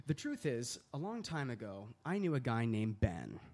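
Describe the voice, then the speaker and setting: A shifty male prisoner who speaks with hesitation and a wildly swinging pitch, his voice dark and mellow, as an actor plays him. He sounds defensive and evasive in this stage play. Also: sing-song, normal speed. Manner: hesitant, insistent denial.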